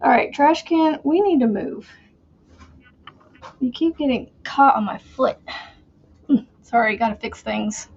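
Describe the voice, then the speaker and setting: A woman's voice: high voice, a little slow, pauses often, a little mellow, breathy edge, dull audio. A woman hosting a casual crochet livestream from her chair at home, chatty and giggly, a bit out of breath as she talks to viewers. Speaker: crochet channel host.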